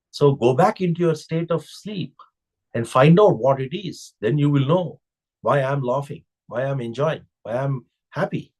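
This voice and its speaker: A man's voice: medium pitch, a little mellow, breathy edge. A man giving a spiritual discourse as a teacher, reflective and full of rhetorical questions.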